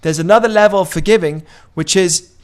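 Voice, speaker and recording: Leading an informal Jewish study session, a man talks in a smooth, brisk, high voice. The delivery is chatty, with questions thrown to the room and quoted dialogue performed aloud.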